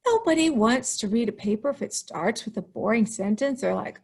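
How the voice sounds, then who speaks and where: A woman teacher giving an upbeat writing lesson to young students, explaining slowly and stressing key words. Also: a little high, lively intonation, creaky, a little mellow, husky.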